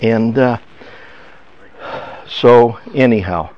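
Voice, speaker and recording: An older man telling a family story in a personal testimony talk, halting and emotional, with many restarts. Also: medium pitch. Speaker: speaker. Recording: dull lo-fi sound.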